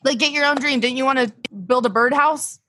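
A woman's voice: high voice, steady tone, a little fast, pushed and bright, slight background noise. A young woman hosting a comedy podcast over a remote call, scolding and ditzy, often cracking herself up. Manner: ditzy, scolding, breaks into laughs. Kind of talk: improvised comedy bit.

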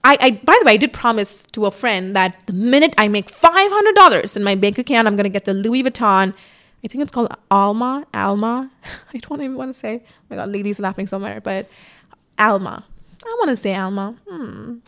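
A woman's voice: mid-range voice, expressive, brisk, a bit bright. A young woman hosting a casual podcast, telling her own story in a candid, chatty way, swearing freely and mimicking herself in quotes. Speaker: podcast host. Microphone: camera on a tripod in front of her.

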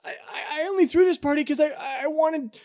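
A man puts on a spoiled rich teenage boy in a tabletop game, his voice pushed up high and whiny. He sounds close to tears throughout. The pitch stays strained and thin. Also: fairly even intonation, a little fast, a little mellow. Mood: bewildered, pleading. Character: panicked rich teen boy host of a party.

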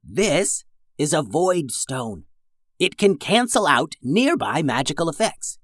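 Man doing an old storybook witch, slow, grumbling, raised pitch, dry sound. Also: sing-song, fairly bright tone, no room sound, full character voice. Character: old grumbling witch, hurt but kindly.

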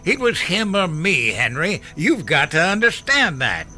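A man's voice: medium pitch, lively intonation, a little slow, sharp tone, faint music behind. A man voicing a panicked younger brother who has been drinking and pleads desperately. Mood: desperate pleading. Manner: desperate, whining pleas.

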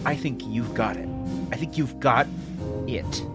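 A man voicing a smooth-talking talent agent with fast salesman patter. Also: mid-range voice, loud music behind the voice, natural voice. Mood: schmoozing.

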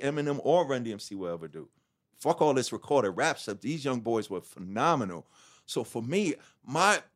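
A middle-aged man, a rapper as interview guest, telling his story candidly with profanity, restarts and acted-out quotes of other people. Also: fairly high pitch. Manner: animated, profane, acts out quoted dialogue; halting restarts and self-corrections.

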